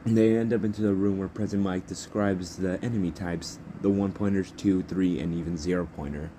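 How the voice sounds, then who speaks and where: A man's voice: sits low, fairly even intonation, a little fast, background noise. A young man improvising a fan story as narrator, rambling and correcting himself as he goes.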